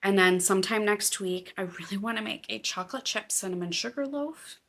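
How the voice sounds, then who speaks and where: A woman hosting a casual knitting and crafts podcast, chatty and excitable with a self-deprecating manner. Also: mid-range voice, a little fast. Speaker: podcast host. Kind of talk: casual chat.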